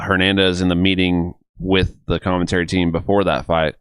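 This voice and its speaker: Deep smooth voiced dude on a fight podcast, trips over his words a lot, dry sound. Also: no echo. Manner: stammering restarts, reasons things through. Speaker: podcast co-host. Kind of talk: casual chat.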